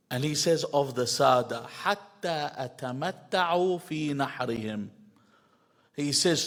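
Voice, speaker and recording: A middle-aged man giving a sermon, swinging between loud emphatic rises and quiet asides and quoting Arabic lines before translating them. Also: a little high. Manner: quotes Arabic phrases then translates them. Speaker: sheikh giving a mosque lecture.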